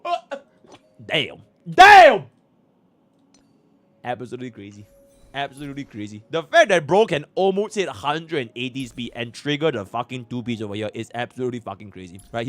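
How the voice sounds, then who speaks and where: A Singaporean man with a Singaporean English accent streams a game account review, excitable and profane, swinging between loud bursts and muttering. His voice is mid-range, and the recording is dry.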